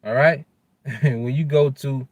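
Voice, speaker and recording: Male scripture teacher, casual street-slang delivery, says "man" constantly, mid pitch, close and dry. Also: fairly even intonation, no echo. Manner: ends nearly every phrase with "man"; loose street slang, halting while looking up verses. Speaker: religious teacher. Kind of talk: informal scripture lesson.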